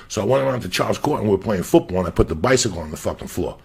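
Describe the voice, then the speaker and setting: Gravelly, raunchy storytelling man. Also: on the low side, very fast, hardly any pauses. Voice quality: gravelly, husky. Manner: raunchy, animated, swears constantly, acts out quoted voices. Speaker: comedian storyteller. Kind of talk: crude casual storytelling.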